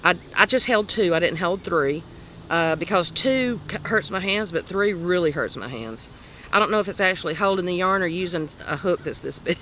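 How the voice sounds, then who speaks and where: A woman with a Southern US accent hosting a crochet video podcast, chatting casually and rambling as she shows her finished projects, quick to laugh at herself. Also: lowish voice, lively intonation, fairly bright tone, slight background noise. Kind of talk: casual show-and-tell chat.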